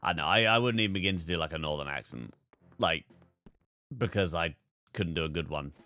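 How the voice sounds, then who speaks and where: A man's voice: deep voice, lively intonation, a little fast, pushed and bright, soft background music. A young man streaming a game, chatting casually, swearing freely and breaking into laughter. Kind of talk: live gameplay commentary.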